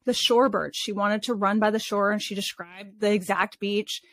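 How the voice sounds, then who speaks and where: A woman, an animal communicator, telling personal stories in a casual, expressive interview manner with frequent restarts. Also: mid-range voice, moderate pace.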